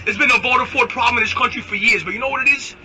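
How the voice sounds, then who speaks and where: A man's voice: extremely high pitch, rapid-fire, low-quality recording. A man delivering a brash, insulting political rant. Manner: brash, loud, insulting, animated ranting. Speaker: political commentator in a clip. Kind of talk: ranting political monologue.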